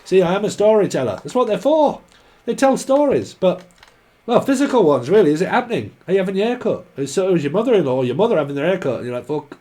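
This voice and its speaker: A man's voice: sits high, very animated, quick pace, warm tone. A man giving a casual, rambling tarot reading, joking and swearing freely. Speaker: tarot reader.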